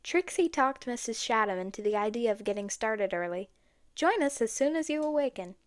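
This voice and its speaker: A woman voicing a gloomy young woman in an audiobook, speaking softly. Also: fairly high pitch, expressive, normal speed, dry recording, studio quality, natural voice. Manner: gloomy, murmuring.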